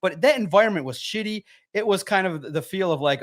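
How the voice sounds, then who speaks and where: A man guesting on a sports podcast, telling stories in an animated way and swearing freely. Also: high voice, a little fast. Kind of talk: casual podcast chat.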